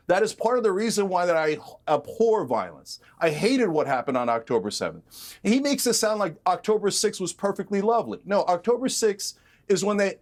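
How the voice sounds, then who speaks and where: Man with a high voice, combative, sarcastic, heated debate. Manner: combative, sarcastic, rapid-fire arguing. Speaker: political commentator in a debate.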